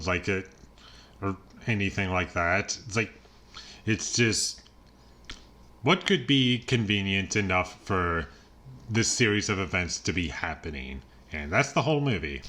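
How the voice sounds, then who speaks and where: A man talks through a movie review in a casual, rambling way, leaning on filler words and chuckling often. His voice sits a little low. It has a bright, forceful edge. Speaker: film reviewer.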